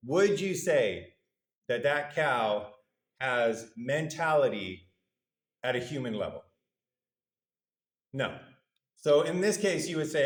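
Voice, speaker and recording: A man's voice: medium pitch, animated, unhurried, pauses often. Man lecturing in an echoey hall. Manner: conversational, good-humored, questions the audience. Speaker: university lecturer. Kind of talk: university lecture.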